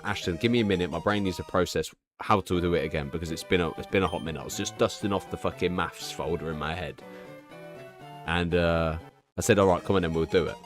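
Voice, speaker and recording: A young man chatting casually on a stream, rambling and swearing freely as he tells stories. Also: sits low. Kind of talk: casual chat.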